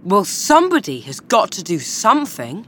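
A woman reading a storybook aloud and voicing a bold, eager young boy who speaks quickly. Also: mid-range voice, huge pitch swings, a bit bright, slight background noise.

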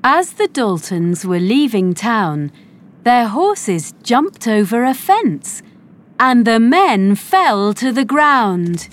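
A woman reading a children's storybook aloud in a slow, clear and careful way. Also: fairly high pitch, very animated, a little hiss or hum. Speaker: narrator.

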